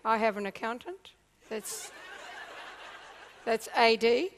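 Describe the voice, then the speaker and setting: Woman, high voice, business seminar speaker, animated, keeps asking the room "yeah?". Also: slow pace, slight background noise. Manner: animated, checks in with the audience often. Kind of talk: seminar talk to a live audience.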